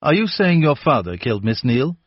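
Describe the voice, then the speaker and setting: A man's voice: mid-range voice, very animated, a little fast, slightly rough, no room sound, highs cut off, voice pushed up. A man voicing an earnest middle-aged police officer asking direct questions. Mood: questioning.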